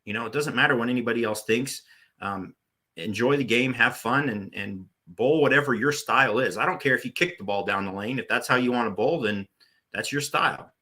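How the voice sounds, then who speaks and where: This podcast guest, a man in his forties who used to run bowling tournaments, has a medium-pitched, fairly quick voice that's bright, forceful and slightly rough. His casual interview stories ramble, full of restarts and "uh" fillers.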